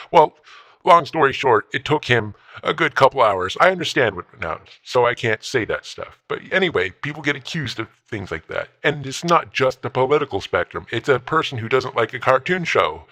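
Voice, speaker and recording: Comedy bit: a man as a cranky ancient old-timer, rambling gripes in a bright, sharp voice. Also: on the low side. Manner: rambling, grumbling, nostalgic complaints. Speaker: comedy character host. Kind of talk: comedic rant monologue.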